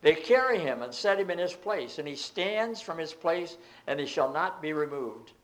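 A man's voice: a little high, lively intonation, moderate pace. A man preaching a Bible teaching, reading scripture aloud and explaining it with emphatic outbursts.

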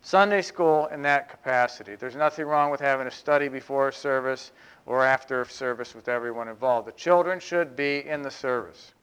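A man preaching a sermon as pastor, chatty, with humorous asides, and slowing down to stress key phrases. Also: mid-range voice, fairly bright tone, smooth.

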